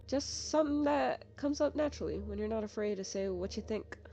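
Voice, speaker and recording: A woman's voice: on the high side, animated, brisk, vocal fry, mellow. A woman voicing a boastful teenage boy bully soul in a game, talking crude and dismissive, in a slightly dull recording with game music behind. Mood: brash.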